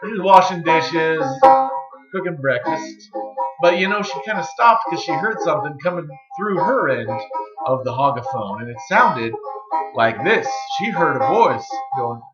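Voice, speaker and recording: A man telling a folk tale, drawling and dramatic, with hushed pauses. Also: on the high side, lively intonation, loud music behind the voice. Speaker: storyteller. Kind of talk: folksy storytelling. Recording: roomy, slightly dull recording.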